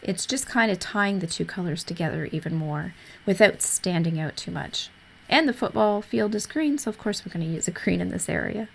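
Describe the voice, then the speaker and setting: Slightly hoarse woman explaining calmly. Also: fairly low pitch, normal speed. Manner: easygoing, explanatory, with frequent fillers. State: losing her voice. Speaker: art tutorial host. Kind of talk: voice-over narration of a coloring tutorial.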